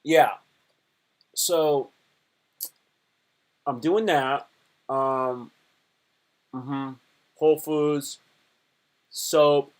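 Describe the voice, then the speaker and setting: A man hosts a live stream in a loose, comic chat with his viewers. His voice sits a little high for a man. He rambles, restarts his sentences and jokes around as he goes. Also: steady tone, drawn-out words, pauses often. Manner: rambling, self-interrupting, playful joking.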